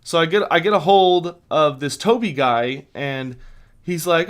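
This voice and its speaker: A man's voice: fairly high pitch, unhurried. A young man hosting a casual livestream, telling a long rambling story full of fillers and restarts. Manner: rambling storyteller, many fillers, animated retelling. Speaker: livestream host.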